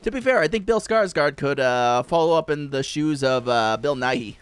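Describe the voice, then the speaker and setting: Young male streamer, casual chat, animated and playful, very lively intonation. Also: fairly high pitch, normal speed, smooth, no echo. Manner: animated, laughing, joking.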